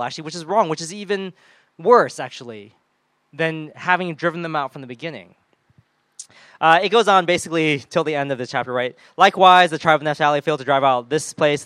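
Guy preaching, kinda high voice, super dry sound, acts out all the voices. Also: no echo. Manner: animated, acts out quoted voices. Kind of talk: sermon.

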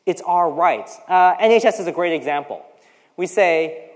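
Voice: mid-range voice, animated, moderate pace. A preacher in their forties, giving a conversational sermon full of personal asides. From United States. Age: 40s. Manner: conversational, acts out quoted voices, personal asides. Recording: long hall reverb.

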